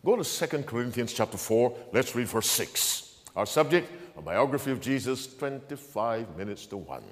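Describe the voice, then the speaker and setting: A male pastor preaching a sermon, asking the congregation to answer back and swinging between quiet asides and loud proclamation. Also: medium pitch, expressive, normal speed, big-room sound.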